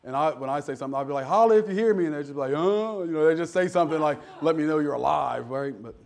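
High-voiced preaching pastor, folksy and emphatic. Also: male voice, fast talker, creaky. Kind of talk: sermon. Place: church.

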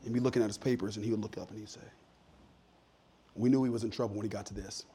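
A man preaching a sermon as a pastor, talking in a conversational way that sinks to soft asides and climbs to emphatic points. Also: lowish voice, fairly even intonation, rapid-fire, a little hiss or hum.

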